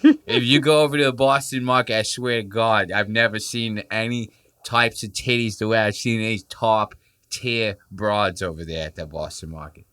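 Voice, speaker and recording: Crude, mocking young man with a bright voice. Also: fairly low pitch, fairly even intonation, normal speed, clean tone, no echo, clean studio sound. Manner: crude, mocking, jokey, swears freely. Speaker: podcast host. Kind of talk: casual reaction commentary.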